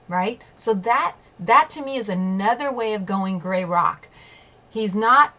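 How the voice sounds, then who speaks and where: A woman's voice: mid-range voice, pushed and bright, rough recording. Emphatic woman telling a personal story. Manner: emphatic, swears, asks "okay?" and "right?" often. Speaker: vlogger sharing personal experience.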